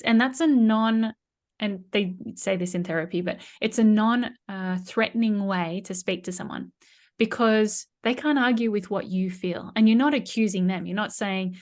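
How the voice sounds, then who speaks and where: A middle-aged woman, speaking as an interview guest about communication, telling stories and explaining in a lively way, with frequent restarts. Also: mid-range voice, unhurried. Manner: animated storyteller, frequent restarts and laughs.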